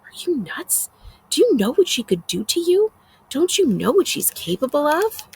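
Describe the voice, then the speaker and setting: A woman's voice: low-pitched, moderate pace, creaky, darkish tone, slightly rough, exaggerated voice, poor audio. A woman voicing an anxious, protective teenage boy who scolds his friend in an urgent, angry whisper. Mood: alarmed.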